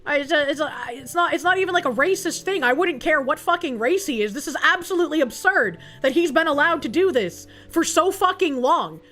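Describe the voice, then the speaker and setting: A woman's voice: high voice, expressive, brisk, hardly any pauses, fairly bright tone, faint music behind. A young woman streamer ranting angrily and profanely in casual livestream commentary, tired and worked up.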